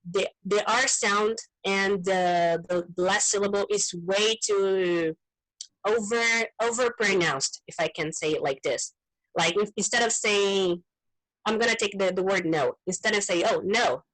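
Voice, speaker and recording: A woman whose first language is Portuguese, chatting casually in English in an online group meeting, animated and often repeating words as she searches for them. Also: medium pitch, normal speed, rough recording. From Brazil. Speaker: meeting participant.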